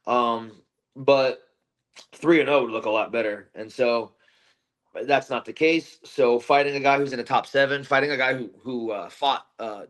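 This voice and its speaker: A man's voice: medium pitch, moderate pace. A man who is a bare-knuckle fighter, talking in a casual post-fight interview with intense, profane trash talk, lots of fillers and restarts.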